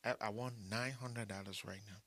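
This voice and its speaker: Preacher man with husky, bright voice. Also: lowish voice, fairly even intonation, moderate pace. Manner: storytelling preacher who mixes humor with appeals for money; repeats short phrases for emphasis. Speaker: pastor. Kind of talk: sermon.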